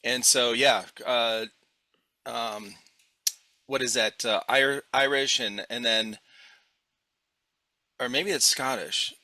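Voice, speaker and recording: American male podcast host, very bright voice, dry close recording, laid-back chatter. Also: mid-range voice, slow pace, long pauses, no room sound. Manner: relaxed, uses dude and like, trailing off. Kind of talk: casual chat.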